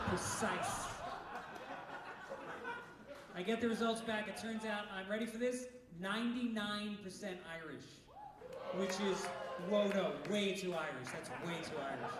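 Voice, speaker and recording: A middle-aged man doing a live stand-up set at a comedy club. He has a punchy, brash delivery with bursts of shouting. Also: sits high, moderate pace. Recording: very echoey room, distant mic, noisy.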